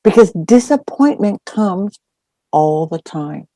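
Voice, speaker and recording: A woman dharma teacher telling a personal story in a dharma talk, animated and full of acted-out quotes. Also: mid-range voice, slow pace, dry recording. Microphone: online call.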